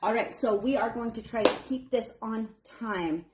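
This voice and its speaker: A woman's voice: fairly high pitch, normal speed, very noisy. Chatty nervous woman baker on a live stream. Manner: chatty and encouraging, calls viewers honey. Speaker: home baker hosting a live fundraiser bake. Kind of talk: casual live-stream chat.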